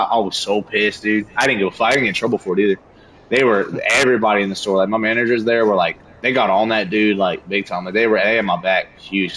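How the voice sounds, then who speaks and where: A man's voice: lowish voice, poor audio. Young man ranting, loose and profane. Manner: animated, profane, slangy ranting. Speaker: streamer. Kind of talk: casual storytelling while gaming.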